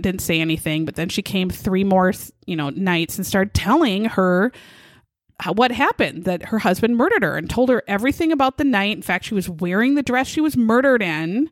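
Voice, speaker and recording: Animated, swearing woman telling a story. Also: medium pitch, no room sound, studio quality. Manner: animated, profane, conversational. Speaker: podcast host. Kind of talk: casual true-crime storytelling.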